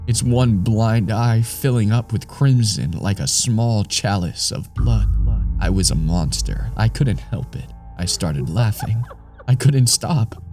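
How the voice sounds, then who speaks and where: A man narrates a horror tale in a slow, measured drawl. His low, mellow voice lingers on every phrase. Faint music plays beneath him. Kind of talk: scripted first-person horror narration.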